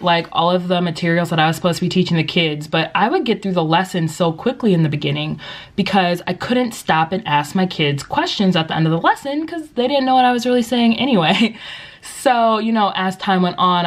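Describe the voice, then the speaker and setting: A young woman English teacher gives casual advice in a vlog shot on a compact vlogging camera, chatty and upbeat with plenty of "like" and "you know." Her voice is fairly low in pitch and very animated, at normal speed.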